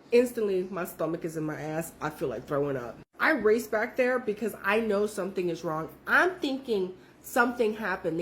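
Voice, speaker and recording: A woman telling a story in a casual, profane, animated way, with her voice jumping up when she quotes people. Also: slight background noise. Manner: animated, profane, jumps high when quoting others.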